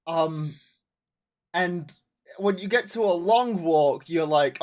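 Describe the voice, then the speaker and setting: A man's voice: fairly high pitch, slow, pauses often, darkish tone. A young man from Britain co-hosting a podcast, chatting casually and stopping and restarting his sentences often. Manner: hesitant, many restarts and fillers. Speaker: podcast co-host. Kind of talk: casual chat.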